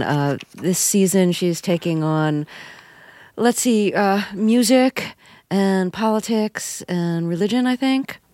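A woman hosting a radio interview, asking questions in a calm, measured way. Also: on the low side, no room sound. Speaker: interview host.

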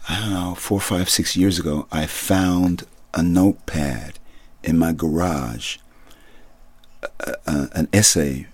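A middle-aged actor from the UK, speaking in a measured, careful, thoughtful way as an interview guest. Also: male voice, deep voice, a little mellow, no echo. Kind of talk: reflective interview talk.

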